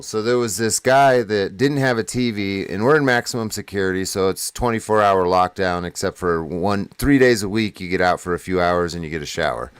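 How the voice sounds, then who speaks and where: Low-voiced man telling a profane story. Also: clear, resonant tone, no room sound. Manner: profane, rambling, laughing at his own story. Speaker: podcast guest telling a prison story. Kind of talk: casual storytelling chat.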